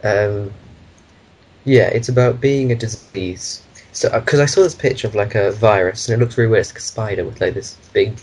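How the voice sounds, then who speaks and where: A man's voice: on the low side, a little fast, darkish tone, husky, low-quality recording. A man co-hosting a casual podcast chat, rambling through meandering explanations of his own ideas. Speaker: podcast co-host.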